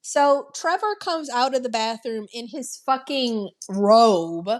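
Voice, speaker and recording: A woman with a slightly high voice, co-hosting a podcast and walking listeners through a film plot. She talks casually, swears freely and slips into the characters' voices to act out their lines. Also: takes it slowly. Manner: animated storytelling, swearing, acting out characters' lines. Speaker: podcast co-host. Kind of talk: casual movie recap chat.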